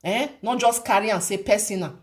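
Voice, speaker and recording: Speaking briskly in a mid-range voice, a woman with a Nigerian accent offers casual commentary to her viewers as a vlogger. She stresses and repeats her points, asking rhetorical questions along the way.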